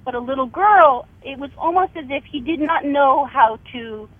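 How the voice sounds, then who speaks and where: A woman's voice: sits high, moderate pace, no room sound. A middle-aged woman, an author and radio guest, telling a family story and acting out the voices in it. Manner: vivid storyteller, acts out quoted dialogue. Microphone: telephone. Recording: tinny phone line.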